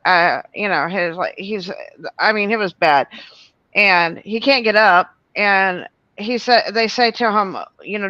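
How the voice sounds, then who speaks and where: Woman, bright forceful voice, rambling story, fillers and restarts, dry dull lo-fi audio. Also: medium pitch, unhurried, no room sound. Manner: animated, many fillers and restarts.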